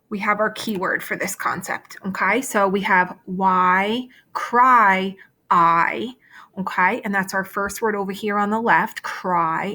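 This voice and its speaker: A woman's voice: mid-range voice, sharp tone. A woman teacher giving a remote phonics lesson over shared slides, explaining step by step and often checking in with "okay?".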